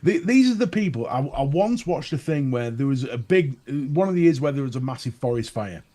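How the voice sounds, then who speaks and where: Lively, blunt Northern English man. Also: mid-range voice, fairly quick. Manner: blunt, swears, laughs at his own jokes, mimics other people. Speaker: podcast co-host. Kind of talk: casual chat.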